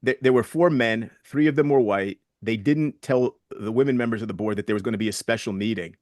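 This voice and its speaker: A man's voice: medium pitch, a little fast, a little mellow, dry recording, studio quality. A man in his sixties, a guest in an interview, telling stories earnestly and reflectively and retelling past conversations. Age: 60s.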